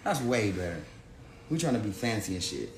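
A man's voice: fairly low pitch, very animated, fairly quick, noisy background. A man ranting unscripted to his viewers, profane and rambling, often restarting his sentences. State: says he is high. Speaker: person telling his side of a story.

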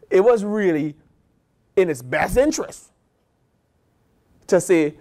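A man's voice: high voice, expressive, takes it slowly, long pauses, darkish tone. A man with an American accent, a pastor preaching a sermon and acting out the voices of God and the prophets.

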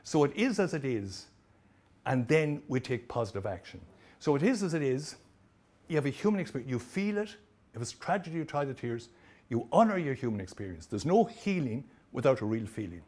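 A man giving a lively motivational presentation to trainees, telling stories with humor. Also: mid-range voice, brisk. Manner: animated, storytelling, jokey. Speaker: motivational speaker.

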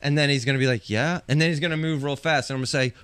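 A man co-hosting a casual podcast, telling ranting stories and shouting out his own quoted complaints. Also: mid-range voice, very fast, slight background noise. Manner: animated ranter, shouting when acting out his own quotes. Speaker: podcast co-host. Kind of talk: casual chat, ranting storytelling.

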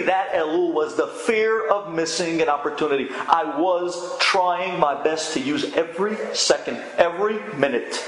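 A man, a rabbi, telling an inspirational story in a dramatic way, dropping to hushed tones and rising to loud exclamations. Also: mid-range voice. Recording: echoey room with faint ambient noise.

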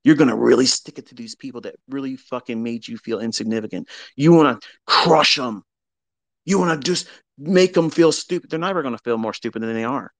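A middle-aged man talks at medium pitch and a little fast, with no echo. As a trading mentor giving a candid motivational talk, he's blunt and profane, mixing heavy emphasis with confessional reflection.

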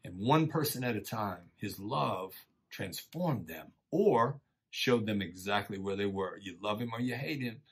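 Middle-aged guy giving a laid-back sermon, kinda husky, folksy and encouraging. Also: on the low side, expressive, unhurried. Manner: folksy and encouraging, often says "man" and "you know". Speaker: church teacher. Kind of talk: casual conversational sermon.

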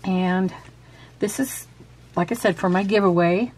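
A woman's voice: medium pitch, measured pace, a little mellow, a little hiss or hum. Chatty woman crafter, lots of fillers. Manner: chatty, with frequent fillers and restarts; reads quiz questions aloud. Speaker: craft vlogger. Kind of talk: casual show-and-tell and quiz.

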